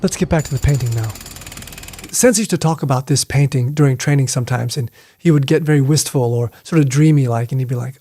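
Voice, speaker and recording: A man's voice: medium pitch, fast, mellow, dry recording, studio quality. A middle-aged man, a martial arts instructor, explaining things in a casual, playful way with joking asides.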